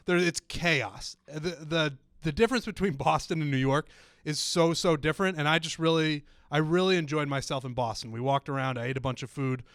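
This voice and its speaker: A man's voice: on the high side, a bit bright, clear, resonant tone, no room sound, clean studio sound. A young man from Iowa, co-hosting a podcast in casual chat, earnest and a little self-deprecating. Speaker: podcast co-host.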